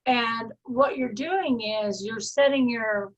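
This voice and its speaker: A woman with a Texas twang hosting a coaching call, riffing free form with deadpan humor and frequent laughs. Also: a little high, slow pace, highs cut off. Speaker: host, personal growth coach.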